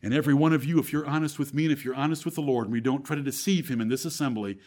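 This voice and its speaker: A man preaching a sermon to his congregation. He asks rhetorical questions, quotes scripture, and swings between fervent build-ups and low, quiet stretches. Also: very fast. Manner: preaches with rising fervor, then drops to a low, quiet tone; rhetorical questions and Bible quotations.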